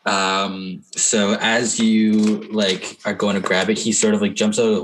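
Man, game master, slightly low voice, casual, filler words. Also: flat delivery, slow, few pauses, slight background noise, rough recording. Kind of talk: narrating a tabletop game.

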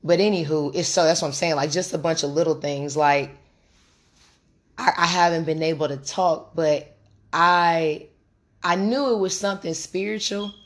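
A woman in her late twenties with a deep, hoarse voice, hosting a casual spiritual podcast, candid and profane as she speaks straight to listeners. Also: fairly even intonation, moderate pace. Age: late 20s. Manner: candid, profane, conversational, addresses listeners directly. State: hoarse, recovering from lost voice. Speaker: podcast host and tarot reader.

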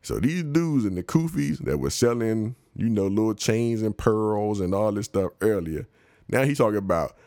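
A man casually telling a travel story in a slangy, animated way, laughing often and acting out the people he met. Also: fairly low pitch, measured pace, dry recording, studio quality. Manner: slangy, conversational.

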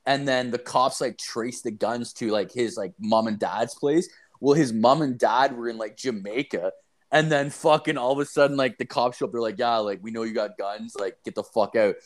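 A young man telling a rambling, profane story in casual chat, full of fillers and animated asides. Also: mid-range voice, normal speed.

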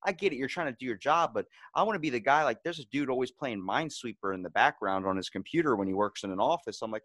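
A man co-hosting a podcast, chatting casually about a movie, excitable and swearing often as he acts out quotes. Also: mid-range voice, fast, hardly any pauses, no echo. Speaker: podcast co-host.

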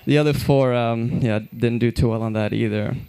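A man's voice: mid-range voice, fairly even intonation, moderate pace, warm tone, smooth. A young man from Belgium telling stand-up stories in a loose, rambling way with lots of fillers and restarts. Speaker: stand-up comedian. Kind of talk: stand-up comedy storytelling.

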